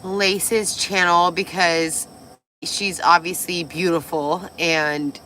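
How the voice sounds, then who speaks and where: Tipsy hoarse woman livestreaming. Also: lowish voice, fairly even intonation, slow, sharp tone, a little hiss or hum. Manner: effusive, swearing, reads comments aloud. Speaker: livestream host. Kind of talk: casual livestream chat.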